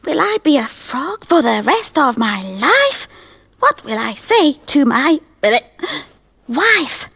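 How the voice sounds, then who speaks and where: A woman voicing a small, excitable puppet creature who pretends to be a frog in a children's TV story, bouncy and giggly. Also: high-pitched, slow pace, heavily acted. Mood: worried. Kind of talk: children's TV role-play.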